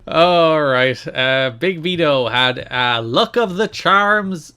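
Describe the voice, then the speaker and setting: A man co-hosting a podcast in casual chat, lively and sarcastic, often laughing. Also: fairly high pitch, takes it slowly, clean tone. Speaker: podcast co-host.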